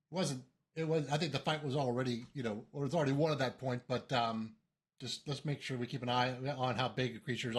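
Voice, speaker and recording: A man running a tabletop game as game master, talking haltingly with many fillers and restarts. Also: mid-range voice.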